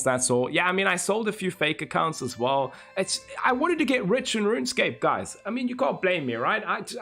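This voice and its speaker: A man's voice: on the high side, gravelly, fairly bright tone. A man in his twenties chatting casually on a live stream, laid-back and swearing freely as he tells stories. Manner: laid-back, swears a lot, spins stories with quick voice impressions. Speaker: game streamer.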